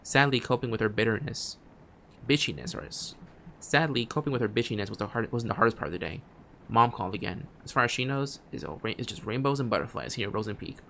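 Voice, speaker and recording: A man streaming a game, reading its text aloud, often stumbling and restarting phrases and dropping quiet asides. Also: medium pitch, fast, creaky, a little hiss or hum. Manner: drops quiet asides between read lines.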